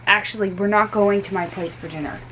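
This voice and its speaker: A woman's voice: medium pitch, steady tone, brisk, fairly bright tone, slight background noise, lightly acted, low-quality recording. Johnny: woman voicing a scheming storybook schoolboy, eager, a bit sneaky.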